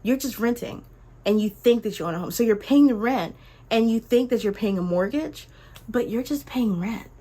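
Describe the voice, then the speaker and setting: A woman's voice: fairly high pitch, lively intonation, mellow. A woman voicing a condescending young female classmate who lectures patiently and insists. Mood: patronizing. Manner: patronizing, insistent, slow and soothing.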